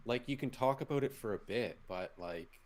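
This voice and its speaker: A man's voice: medium pitch, expressive, moderate pace. A man co-hosting a casual live stream, talking in loose, rambling sentences full of restarts. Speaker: co-host.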